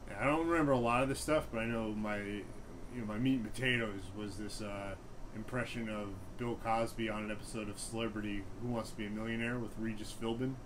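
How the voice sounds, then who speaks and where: A man's voice: fairly low pitch, steady tone, quick pace, background noise. A young man in his twenties, a stand-up comic being interviewed, who talks in a rambling, self-deprecating way full of fillers. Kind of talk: casual interview chat.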